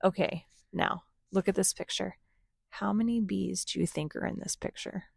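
A woman at home reading a storybook aloud to her children, pausing to ask them gentle questions. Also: medium pitch, fairly even intonation, vocal fry, breathy edge, no echo.

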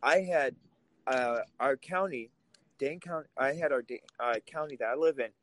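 A man's voice: mid-range voice, moderate pace, a bit bright, poor audio. Heated man. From Russia. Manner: heated, emphatic, swears when angry. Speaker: podcast co-host. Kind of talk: political podcast talk.

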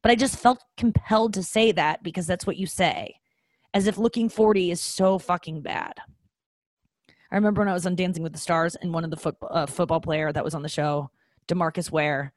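With a fairly low, fairly even-toned voice, a woman in her thirties from America talks briskly through a casual podcast monologue. She's a comedian, and she's candid, self-deprecating, and rambling, with occasional swearing; the audio has no room sound.

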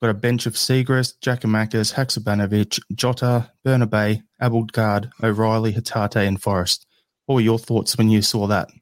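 A man's voice: fairly low pitch, no room sound, clean studio sound. A man from Australia hosting a football podcast, chatting casually with many fillers over an online call. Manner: relaxed, halting with fillers. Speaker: podcast host.

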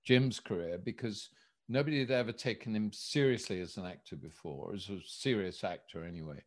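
A man's voice: lowish voice, fairly quick. A man recounting casting stories in an interview, acting out the dialogue as he goes. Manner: animated storyteller, acts out dialogue. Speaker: guest, director recalling casting. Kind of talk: anecdotal storytelling in an interview.

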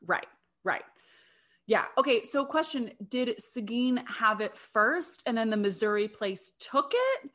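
A woman co-hosting a podcast in casual chat, bubbly and quick to laugh, full of eager questions. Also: fairly high pitch, sharp tone. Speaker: podcast co-host.

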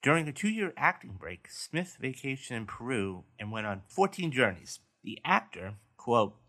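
A man hosts a casual podcast roundup of movie news. His voice is bright and forward, with middle pitch. He reads stories aloud and then chats about them. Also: big pitch swings, moderate pace. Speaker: podcast host.

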